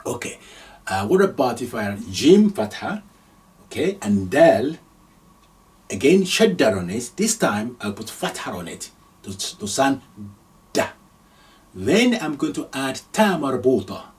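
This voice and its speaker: A man's voice: mid-range voice, big pitch swings, measured pace, long pauses, distant mic. A man from Nigeria teaching Arabic letters step by step, patiently repeating each sound and chuckling now and then. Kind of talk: slow step-by-step lesson.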